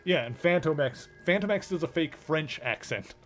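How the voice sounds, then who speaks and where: A man's voice: fairly high pitch, lively intonation, normal speed, soft background music. A male streamer giving casual commentary as he plays a video game, thinking aloud in a chatty, rambling way.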